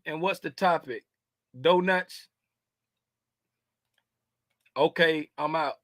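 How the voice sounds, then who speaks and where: A man's voice: on the high side, slow, pauses often, a bit bright, no echo. A man in his fifties hosting a casual trading livestream, joking and slangy and laughing often. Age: 50s.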